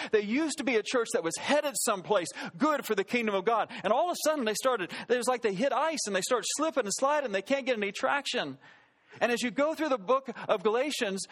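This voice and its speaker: A man preaching a sermon, telling a self-deprecating story and joking as he goes. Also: high voice. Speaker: pastor.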